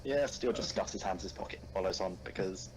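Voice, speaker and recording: A man's voice: low-pitched, fast talker, poor audio. A man playing a character in a voice role-play, dry and joking in casual chat. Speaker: player. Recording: loud background noise with clicks.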